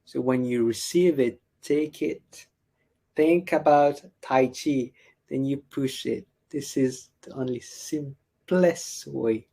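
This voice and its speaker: A male guest explains an idea very slowly, one short phrase at a time. His manner is calm and deliberate, and his pitch sits in a middle range. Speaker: podcast guest.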